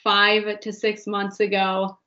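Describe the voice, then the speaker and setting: A woman's voice: mid-range voice, completely flat delivery, slow, pushed and bright. A woman in her twenties hosting a podcast, chatty and giggly, saying "like" often. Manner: giggly, chatty, says "like" a lot. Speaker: podcast host. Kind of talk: casual chat. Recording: dull lo-fi podcast audio.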